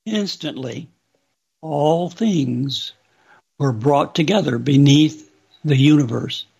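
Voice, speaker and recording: A man slowly and solemnly recounting a religious vision as testimony. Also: on the high side, vocal fry, a little mellow, slightly rough. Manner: slow, deliberate, solemn. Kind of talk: slow spoken testimony.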